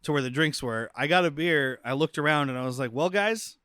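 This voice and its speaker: A man's voice: medium pitch, fast talker, bright, forceful tone, clear, resonant tone, no echo, clean studio sound. A man co-hosting a podcast, recapping film scenes in casual chat and acting out the characters' lines. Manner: recaps scenes, acts out quotes. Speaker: podcast co-host. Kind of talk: casual movie-riffing chat.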